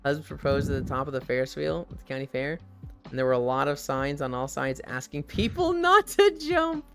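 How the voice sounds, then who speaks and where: A man streaming live and chatting casually, telling stories in a profane, animated way and acting out the voices he quotes. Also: medium pitch, fairly quick, soft background music.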